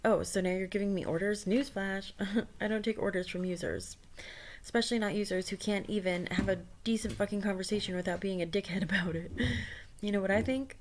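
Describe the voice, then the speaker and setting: A woman's voice: medium pitch, steady tone, a little fast, a little hiss or hum, natural voice. A woman reading aloud the replies of a hostile chatbot, in a sneering, scornful manner with repeated put-downs. She uses her everyday voice. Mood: contemptuous. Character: hostile swaggering chatbot, contemptuous toward users.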